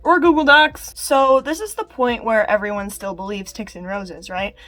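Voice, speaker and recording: A woman's voice: mid-range voice, lively intonation, normal speed, soft background music. A young woman giving casual YouTube commentary, chatty and emphatic, laughing mid-sentence.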